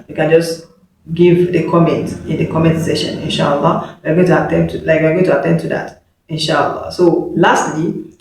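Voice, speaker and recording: Brief: male teacher, fairly high voice, drills sounds by repetition, far from the mic in a booming room. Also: darkish tone, heavy reverb. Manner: repeats each sound slowly, drilling. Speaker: Arabic teacher. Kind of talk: online lesson.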